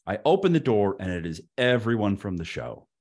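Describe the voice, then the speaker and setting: A man in his fifties, a podcast guest telling an anecdote in an animated way, with frequent stammered restarts. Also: fairly low pitch, fairly quick, husky. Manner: stammering restarts, lively and expressive.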